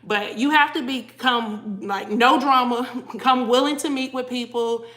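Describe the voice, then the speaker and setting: A woman's voice: a little high, steady tone, measured pace, a bit bright. A tired woman chatting casually on a livestream, greeting viewers by name and reading their comments aloud. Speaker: cruise vlogger hosting a livestream.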